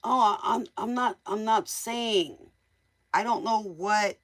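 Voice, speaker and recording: A woman's voice: mid-range voice, takes it slowly, a bit bright. A woman giving casual, motherly tarot readings to viewers on a live stream. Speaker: tarot reader.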